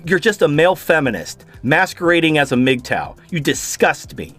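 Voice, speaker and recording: A man rants in a furious, profane torrent, his higher-than-usual voice leaping wildly up and down. Faint music hums under him. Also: very animated, normal speed. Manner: furious, profane, shouting bursts. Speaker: video host reacting to a clip. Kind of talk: angry ranting commentary.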